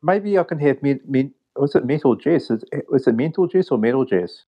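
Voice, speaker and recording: A man's voice: medium pitch, animated, a little fast, husky, lo-fi sound. A man with an accent that sounds a bit British, a guest on a podcast, talking hesitantly with many ums and restarts. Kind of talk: casual podcast chat.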